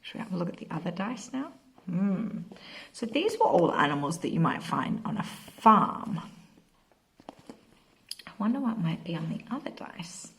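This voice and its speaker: Lively woman teacher with gravelly voice. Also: lowish voice, moderate pace, pauses often. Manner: animated, imitates animal sounds. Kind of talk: playful classroom video lesson.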